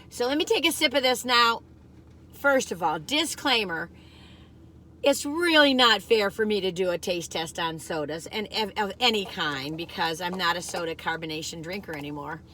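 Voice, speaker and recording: Chatty lady taste-testing fast food on her vlog, rambly, bright voice, a bit of room hum behind. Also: mid-range voice. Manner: chatty and rambling, laughs often, talks while eating. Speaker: vlogger doing a food taste test. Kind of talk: casual chat.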